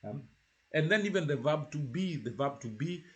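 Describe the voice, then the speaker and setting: Man, higher-pitched, relaxed beginner-teacher who repeats a lot and checks in with "huh?". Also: moderate pace. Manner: casual, repetitive, tag questions like "huh?" and "yeah?". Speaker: French teacher. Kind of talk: language lesson.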